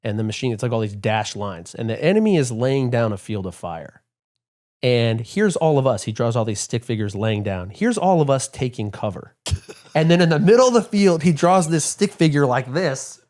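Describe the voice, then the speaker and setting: A middle-aged man, a retired military officer, telling stories in a casual interview, full of fillers and quick acted-out quotes. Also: medium pitch. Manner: animated storyteller, many fillers, acts out quotes. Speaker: retired Air Force colonel, podcast guest.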